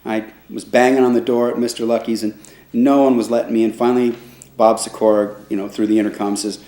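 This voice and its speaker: A man in his sixties, a trombone player, recalling his past in a relaxed, rambling way with restarts, acting out other people's voices when he quotes them. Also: lowish voice, a little fast. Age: 60s. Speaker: trombone player recounting his band's start. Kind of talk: casual spoken storytelling. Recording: echoey room.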